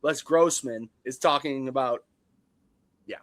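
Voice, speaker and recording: Bright-voiced man, laughing podcast chat. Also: mid-range voice, unhurried, no echo. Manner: loud, laughing, swears a lot. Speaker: podcast co-host. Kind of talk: casual movie chat.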